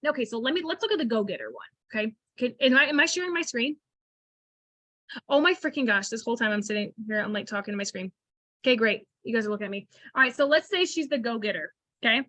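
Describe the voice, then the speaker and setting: Chatty bright-voiced woman coaching. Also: a little high, fast, dry recording. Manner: animated, chatty, acts out phone scripts. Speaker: sales coach. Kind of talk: casual coaching on a video call.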